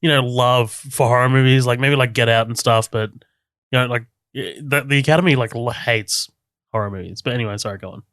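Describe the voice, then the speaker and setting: A man co-hosting a movie podcast in relaxed chat, swearing casually and using lots of fillers. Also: medium pitch, a little fast, no room sound, studio quality. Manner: casual, profane, many fillers. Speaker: podcast co-host.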